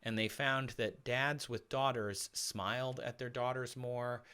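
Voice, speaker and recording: Chatty American man, bright voice. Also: mid-range voice, steady tone, unhurried, clean tone. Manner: talkative, lots of "like" and restarts. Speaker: podcast guest. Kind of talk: casual conversation.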